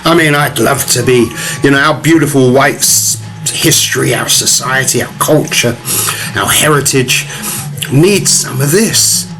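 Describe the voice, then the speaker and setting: A man delivers a ranting commentary over video clips, scornful and profane, breaking into mocking laughs. His voice sits at an ordinary middle pitch. Faint music runs underneath. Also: moderate pace, sharp tone. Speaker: vlogger reacting to clips.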